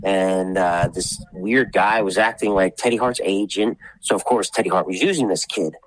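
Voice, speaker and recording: Poor, dry audio carries a man's low voice at a moderate pace. He's the wrestling promoter guest again, loosely spinning backstage wrestling stories for a podcast, voicing the people he quotes and swearing occasionally.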